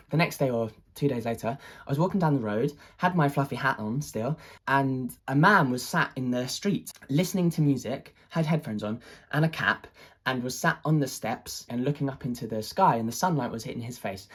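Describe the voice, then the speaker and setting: An artist tells a personal tale in a raspy, breathy voice. The delivery is hesitant, peppered with "um" and false starts, yet animated. The pitch sits in an ordinary middle range. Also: normal speed. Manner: hesitant, many restarts and fillers; excited, animated retelling. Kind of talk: personal storytelling to camera.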